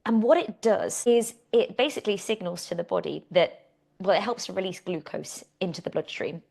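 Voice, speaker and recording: A British woman hosting a fitness Q and A podcast, chatty and animated, telling stories with a laugh. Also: mid-range voice, normal speed, gravelly. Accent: British English. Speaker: fitness coach and podcast host. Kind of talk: casual Q and A podcast chat.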